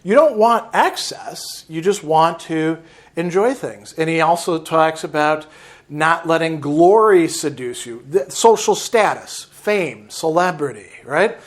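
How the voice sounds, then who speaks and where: A man's voice: on the high side, lively intonation, unhurried. A man giving a philosophy lesson, reading passages aloud and explaining them with frequent "right?" asides. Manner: reads quotes aloud, then comments with "right?". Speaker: philosophy lecturer. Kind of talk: lecture reading and explaining a text.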